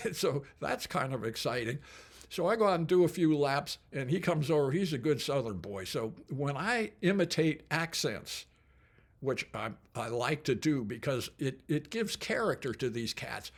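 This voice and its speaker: A man's voice: a little high, very animated, a little slow. An older man, a company founder, telling stories casually in an enthusiastic, colorful way with frequent asides. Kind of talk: casual storytelling.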